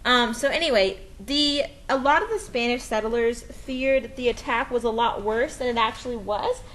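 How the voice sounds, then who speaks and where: Woman doing a recorded history lesson, kinda high voice, playful and enthusiastic, lots of "okay?". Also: moderate pace, a bit bright, poor audio. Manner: playful, enthusiastic, adds dramatic sound effects; explanatory, frequent "um" and "okay?".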